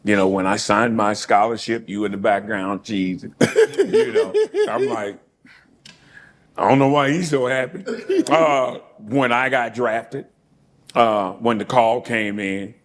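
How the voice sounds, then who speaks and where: Slow and lowish-voiced, a middle-aged man who once played pro football looks back on his career as an interview guest. He's casual and animated, laughing a lot and repeating himself.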